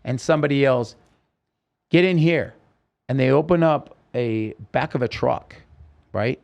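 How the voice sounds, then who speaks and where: A man's voice: medium pitch, moderate pace, vocal fry, a little mellow, highs cut off. A man with a mid-range voice recounts a personal story as a podcast guest. He tells it vividly and with intensity, and he acts out the lines of the people in the story. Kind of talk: personal story told in an interview.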